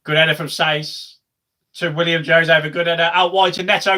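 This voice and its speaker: Bright-voiced lad on a match watch-along. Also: male voice, a little high, flat delivery, normal speed. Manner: chatty, swings to loud shouting at goals. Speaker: football watch-along streamer.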